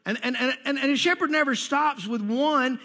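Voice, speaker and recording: A man preaching a sermon as pastor, energetic and conversational, with playful acted asides. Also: extremely high pitch, moderate pace. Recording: long hall reverb.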